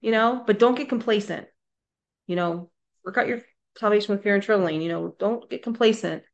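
A woman's voice: mid-range voice, a little fast. A woman giving an earnest, emphatic Bible teaching, acting out quoted voices as she goes. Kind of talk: sermon-style teaching video.

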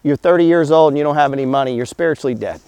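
Blunt guy preaching about money, cusses a lot, fires off questions, higher voice, dry sound. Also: rapid-fire, darkish tone, clean tone, no echo. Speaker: host. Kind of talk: motivational money talk.

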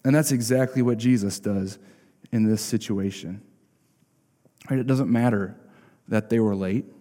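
A male pastor delivers a sermon in a relaxed, conversational way and keeps checking in with "right?". His voice is dark and mellow. A long reverb trails each phrase, as in a church sanctuary. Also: mid-range voice.

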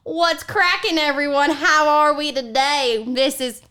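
A woman puts on a sassy old Southern granny who bosses everyone around and snaps at her friend. Her voice sits high, with a teasing bite. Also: fairly even intonation, measured pace, sharp tone. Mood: bossy. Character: mean bossy Southern old grandma. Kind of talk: comedic podcast character bit.

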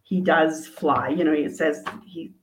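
Animated woman author retelling her book. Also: deep voice, a little slow, a little hiss or hum, poor audio. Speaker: author and coach. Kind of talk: storytelling in a podcast interview.

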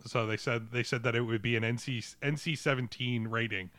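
A man co-hosting a relaxed movie podcast, rattling off behind-the-scenes facts with a bright, forward voice. He's recorded close and dry, with no room around him. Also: mid-range voice, brisk, dry recording. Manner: shares movie trivia, quizzes the others. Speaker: podcast co-host. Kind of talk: casual movie review chat.

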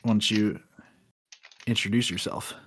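A young man from Florida co-hosting a podcast in casual chat, excitable, with loud bursts of laughter and stumbling restarts. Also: lowish voice, unhurried, slightly rough. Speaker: podcast co-host. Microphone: home computer mic on a call.

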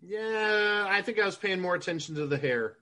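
A man's voice: high-pitched, animated, normal speed, sharp tone. A man co-hosting a casual movie podcast, dry and amused. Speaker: podcast co-host.

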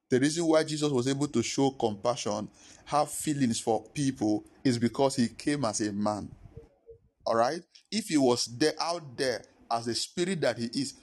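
A man's voice: medium pitch, darkish tone. A male pastor preaching a sermon, emphatic and repeating his points. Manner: emphatic, repetitive teaching.

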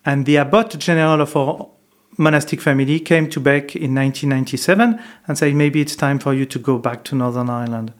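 Calm male monk recounting a story. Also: fairly high pitch, a little fast. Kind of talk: storytelling in interview.

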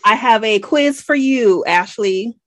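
An American woman co-hosting a casual book-club podcast, animated and nitpicky with lots of rambling asides. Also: fairly high pitch, takes it slowly, no room sound. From United States. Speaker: podcast co-host.

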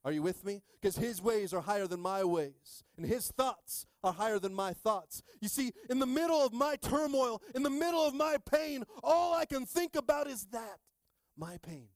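A male pastor in his thirties preaching a sermon, calling out to the congregation and swinging from quiet asides to shouting. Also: extremely high pitch, expressive, moderate pace, no room sound.

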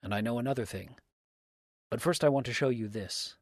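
A man voicing a steady, menacing mountain man who speaks low and level. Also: brisk, dry recording, clean studio sound, natural voice. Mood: deliberate.

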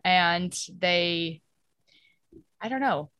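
A woman's voice: on the low side, very slow, dry recording, highs cut off. A young adult woman co-hosting a casual podcast, rambling through a plot summary with many fillers and restarts. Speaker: podcast co-host. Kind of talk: casual chat.

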